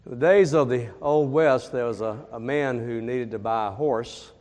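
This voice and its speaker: A man preaching a sermon, reading scripture, praying and telling a lively story that builds to emphatic questions. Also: mid-range voice, moderate pace, hardly any pauses. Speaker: pastor. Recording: long hall reverb.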